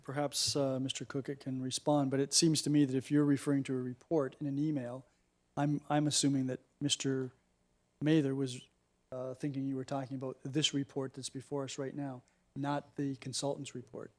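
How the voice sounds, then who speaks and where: A man speaking as a town councillor in a council meeting, measured and hesitant, with frequent fillers. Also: mid-range voice, level tone, a little mellow.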